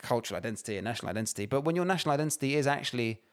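A man tears through his points at a rapid clip, swearing freely and hammering each point home. He co-hosts a casual podcast, and his voice sits at a middling pitch. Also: expressive. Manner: swears a lot, heated and emphatic. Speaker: podcast co-host. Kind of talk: casual political chat.

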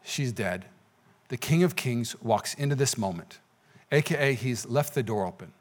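A man's voice: mid-range voice, animated, moderate pace. A man preaching a sermon as pastor in a church, talking conversationally with frequent "okay?" asides. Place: church sanctuary.

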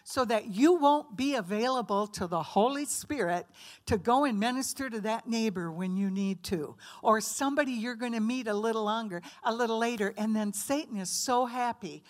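Woman speaker at a ladies' meeting, bit high voiced, chatty, keeps asking the room questions. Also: moderate pace. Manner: conversational, asks the audience questions, acts out quoted voices. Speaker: women's ministry speaker. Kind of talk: teaching sermon to a women's group.

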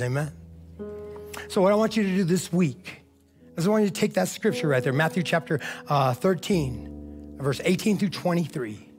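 A man preaching a sermon as pastor, fervent and conversational, often saying "man" and "amen". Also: on the high side.

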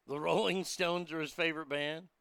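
A man's voice: fairly high pitch, steady tone, normal speed, creaky, fairly bright tone, clear, resonant tone, no echo, clean studio sound. A man riffing crude, mocking jokes in a casual comedic monologue, chuckling at his own lines.

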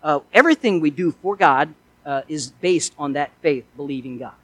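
A man's voice: on the high side, expressive, normal speed, husky, no room sound, rough recording. A male pastor preaching a sermon in an earnest way, asking his listeners one rhetorical question after another.

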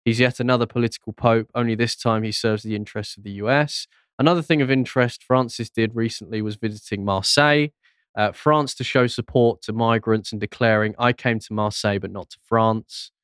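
A man's voice: fairly low pitch, fairly even intonation, fairly quick, fairly bright tone, clean tone, no echo, clean studio sound. A man co-hosting a podcast, reading viewer comments aloud with frequent fillers. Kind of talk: casual chat.

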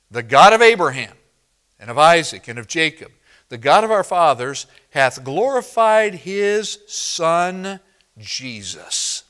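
A man preaching an expository sermon to his congregation, emphatic and direct, reading scripture slowly and deliberately. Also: on the high side, pushed and bright. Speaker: pastor.

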